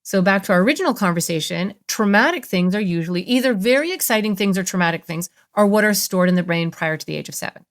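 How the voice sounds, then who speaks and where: A woman therapist, a guest on a podcast, explaining ideas in an animated way and acting out inner voices with playful jumps in pitch. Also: quick pace, few pauses. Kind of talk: conversational podcast interview.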